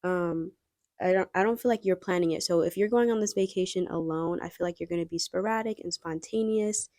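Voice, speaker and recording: A woman's voice: lowish voice, fairly quick, a little mellow, no echo, studio quality. A young woman giving a casual pick-a-card tarot reading, chatty and rambling as she talks straight to her viewers. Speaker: tarot reader.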